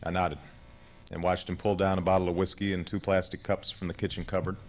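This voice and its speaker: A man in his thirties narrating his own memoir as an audiobook, in a measured, reflective way. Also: sits low, flat delivery, low-quality recording. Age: 30s.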